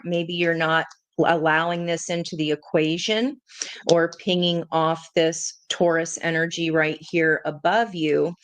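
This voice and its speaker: A woman lays out a tarot reading at an unhurried, deliberate pace. Her voice sits a little low, and she speaks thoughtfully, now and then turning to her viewers as "guys.". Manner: slow, reflective, addresses viewers as guys. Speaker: tarot reader.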